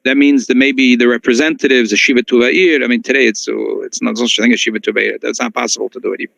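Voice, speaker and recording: Gravelly, animated rabbi teaching a lesson. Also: male voice, quick pace, no room sound. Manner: animated, jumps high in pitch for emphasis, frequent restarts. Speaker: rabbi teaching a halacha class. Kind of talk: text-based Torah lesson, reading and explaining. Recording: dull lo-fi dry recording.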